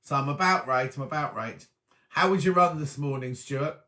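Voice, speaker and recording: A man's voice: fairly high pitch, moderate pace, bright, forceful tone, reverberant. A man hosting a casual live-stream chat, reading out viewer comments in a rambling, self-correcting way. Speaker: host. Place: indoors at home.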